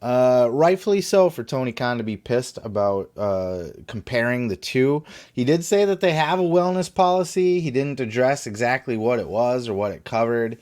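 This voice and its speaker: A man's voice: mid-range voice, expressive, normal speed, darkish tone. Male podcast host: blunt, profane, rambling commentary in a casual tone. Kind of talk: casual wrestling news commentary.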